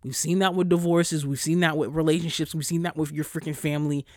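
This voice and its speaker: A fired-up podcaster on a solo rant, cursing hard and firing off blunt questions. The voice sits in a middle pitch and comes through close and dry, with no room sound. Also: steady tone, a little mellow, no room sound. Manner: heated, profane, fast-cutting rant; frequent cursing and "like" fillers. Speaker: podcast host.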